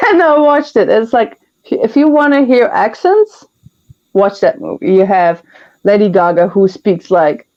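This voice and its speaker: A woman's voice: mid-range voice, a little mellow. Dutch-raised streamer woman, chatty, giggles through her anecdotes, muffled lo-fi audio. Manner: laughs often while telling stories. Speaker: stream host. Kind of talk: casual chat. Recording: dull lo-fi sound.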